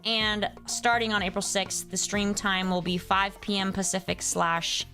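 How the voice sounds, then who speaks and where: A woman's voice: medium pitch, flat delivery, measured pace, sharp tone, soft background music. Exasperated woman streamer chatting. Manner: exasperated ranting, reads chat names aloud. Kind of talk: casual live-stream chat.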